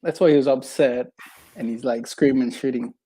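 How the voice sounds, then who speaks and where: A man's voice: medium pitch, steady tone, moderate pace, mellow, husky. A man co-hosting a film podcast, reasoning through a theory in casual talk, hesitant and often repeating words.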